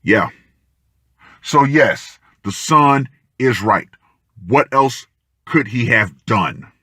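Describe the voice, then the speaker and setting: A man giving ranting commentary with emphatic, deliberate, punchy declarations. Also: medium pitch, animated, pushed and bright, breathy edge, dry recording, studio quality. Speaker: online commentator.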